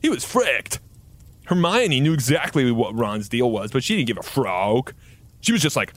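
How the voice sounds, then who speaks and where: A man's voice: mid-range voice, sing-song, moderate pace. A man reading his own parody fan fiction aloud in mock-dramatic style, adding sound effects. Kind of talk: comedic deadpan story reading.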